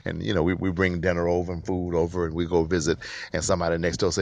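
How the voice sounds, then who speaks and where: A man's voice: low voice, level tone, quick pace, creaky, a little mellow, dry recording, muffled recording. A man hosting his own podcast, talking in an emphatic way and repeating phrases for stress. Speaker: podcast host. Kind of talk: solo podcast monologue.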